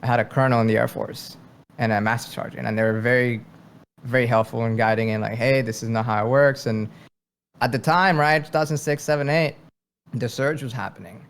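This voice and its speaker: A man from Venezuela, a military veteran, speaking as a podcast guest in a halting, thoughtful way with frequent fillers. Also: mid-range voice, steady tone, gravelly, a little hiss or hum. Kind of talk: casual interview.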